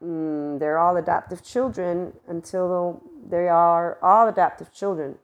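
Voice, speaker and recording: Animated woman musing on spirituality, low-pitched. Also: a little slow, muffled recording. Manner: animated, exclaiming, swearing casually. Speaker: spiritual channel host. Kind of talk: casual spiritual monologue.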